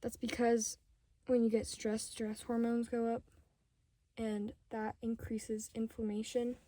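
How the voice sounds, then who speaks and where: A woman's voice: on the high side, flat delivery, mellow, no echo. Rambling teen girl, slips into whispers. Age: 15, teenager. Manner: rambling and sidetracked, often drifting into a whisper; talks fast in bursts. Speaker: vlogger. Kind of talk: casual unscripted rant to camera.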